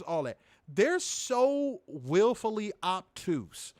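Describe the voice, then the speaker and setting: A man with a high, very animated voice rants through a casual review, emphatic and mocking, with frequent swearing. His pitch swings widely as he drives his points home. The recording is dry and close. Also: dry recording. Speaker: podcast host reviewing wrestling.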